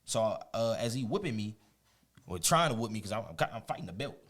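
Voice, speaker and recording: With a fairly low voice and a slightly fast pace, a man on an interview show tells a personal story. He keeps it casual and lively, often laughing and acting out quotes.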